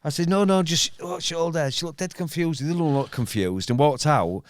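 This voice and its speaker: A man's voice: fairly high pitch, a little fast. A man in his fifties telling a rambling story on a podcast, full of restarts and repeated phrases. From England. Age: 50s. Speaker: podcast host. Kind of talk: casual storytelling chat.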